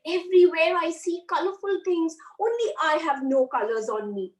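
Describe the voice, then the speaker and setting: A woman's voice: very high-pitched, lively intonation, normal speed. A woman voicing a sad, lonely plain white kite in a children's story, whiny and pleading. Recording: roomy, far from mic.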